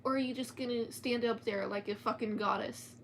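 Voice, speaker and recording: Casual female storyteller, higher voice, reading a book aloud from home, chatty and loose with the swearing. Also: fairly even intonation, fairly quick, vocal fry, fairly bright tone, slight background noise. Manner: chatty, swears casually, chats to her cats between passages.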